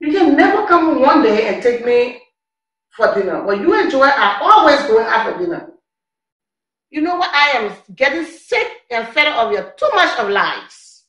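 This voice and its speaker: A furious suspicious wife. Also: female voice, high voice, very animated, normal speed, a bit bright. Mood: accusing. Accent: Liberian English. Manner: accusing, scolding. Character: angry suspicious young wife, fed up with lies. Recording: echoey room.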